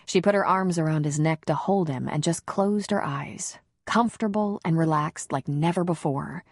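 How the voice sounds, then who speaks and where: A woman with a husky, lowish voice reads a romance audiobook slowly and intimately. The sound is dry and close, with no room around it. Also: dry recording. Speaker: audiobook narrator. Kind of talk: scripted romance audiobook narration.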